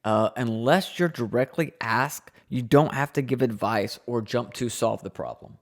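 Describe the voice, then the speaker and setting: In a casual podcast he co-hosts with his wife, a man in his thirties talks earnestly but loosely, rambling and restarting often. His voice is mid-range and his speed normal.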